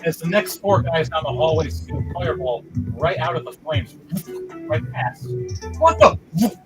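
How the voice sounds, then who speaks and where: A man's voice: fairly high pitch, moderate pace, poor audio. Guy running a tabletop game, hyped narration, music playing behind. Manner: vivid, excitable narration with sudden shouts. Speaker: game master.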